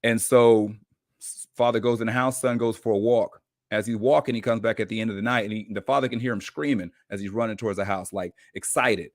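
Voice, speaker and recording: A man on a podcast as a guest coach, telling a story in an animated, informal way. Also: on the low side, fairly quick, no room sound, studio quality. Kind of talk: casual storytelling.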